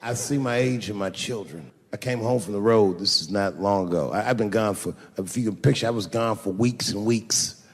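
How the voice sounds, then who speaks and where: A man's voice: fairly low pitch, normal speed, a little hiss or hum. A man in his forties doing profane, conversational stand-up comedy, working the crowd on a live stage. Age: 40s.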